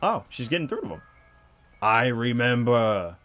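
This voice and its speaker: A man's voice: mid-range voice, very animated, measured pace, fairly bright tone. A man giving casual movie reaction commentary, incredulous and rambling with exasperated asides. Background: movie audio playing.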